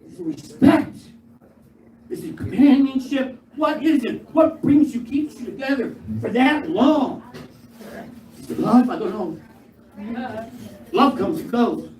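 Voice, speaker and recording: An older man performing a stand-up routine on stage, gruff and profane with punchy, jumpy delivery. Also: very high voice, measured pace, long pauses, a little mellow. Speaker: stand-up comedian. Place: live comedy club stage. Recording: echoey live room, mic far, crowd noise. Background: audience laughter.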